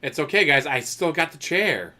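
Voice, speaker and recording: A man's voice: fairly high pitch, animated, moderate pace, sharp tone. A man making sarcastic, mocking comments on a streamer's rant, crude and dry.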